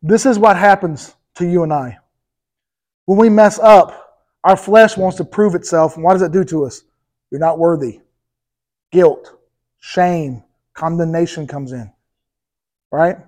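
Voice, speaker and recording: A male pastor preaching a sermon with energetic emphasis, speaking straight to the congregation and often checking in with "okay?" and "right?". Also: on the high side, measured pace, long pauses, poor audio. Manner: addresses the congregation directly, with repeated "okay?" and "right?".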